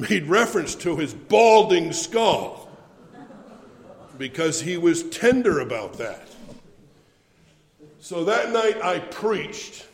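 A man's voice: a little high, gravelly, long reverb tail. A man preaching a sermon, telling a funny story with playful swings in his voice.

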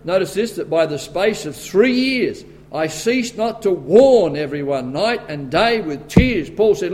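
High-voiced Australian man preaching emphatically. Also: lively intonation, unhurried, hardly any pauses, a little hiss or hum. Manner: emphatic, rising to forceful bursts. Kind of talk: sermon.

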